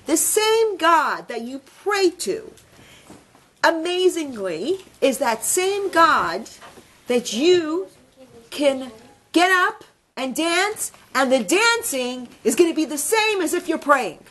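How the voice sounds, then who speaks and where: A woman's voice: sits high, very animated, takes it slowly, a bit bright, voice pushed up, heavily acted. A woman voicing an old male rabbi who cheerfully urges his brother to dance instead of pray. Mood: urging. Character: elderly male rabbi, joyful and encouraging.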